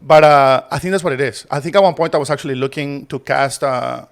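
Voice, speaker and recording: A man in a mid-range voice hosts a casual podcast chat. He talks haltingly and often stalls on "like" and "uh". He also repeats his words as he goes. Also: medium pitch, creaky. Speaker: podcast host.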